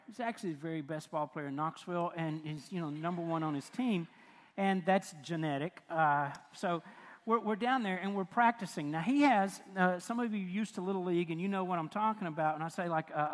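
Older preacher with a high, ringing voice. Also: male voice. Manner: animated, self-mocking storytelling with chuckles. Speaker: pastor. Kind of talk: storytelling sermon. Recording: long reverb of a large hall.

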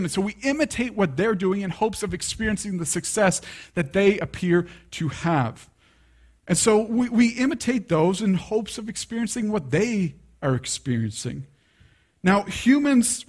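A young adult man preaching a sermon in a conversational way, full of asides and restarts. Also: sits high. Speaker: pastor.

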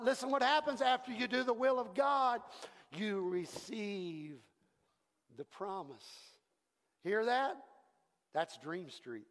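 A man preaching a sermon as pastor, impassioned, swinging from hushed passages to shouted ones. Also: high-pitched, takes it slowly, pauses often. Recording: long reverb from a large hall.

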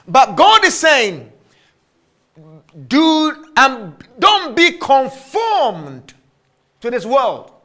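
A man's voice: very high voice, wildly swooping pitch, extremely slow, long pauses, pushed and bright. A man preaching a sermon, emphatic and repetitive, drawing out his key phrases.

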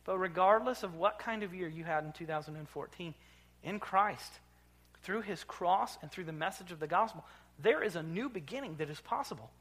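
A man preaching a sermon as pastor, emphatic, dropping low and then rising loud. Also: expressive, moderate pace. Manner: emphatic, swings from quiet to loud. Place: church sanctuary.

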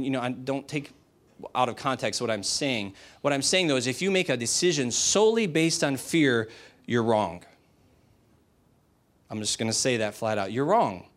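A man preaching a sermon in a direct, emphatic, conversational way, asking the audience rhetorical questions. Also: mid-range voice. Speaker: pastor.

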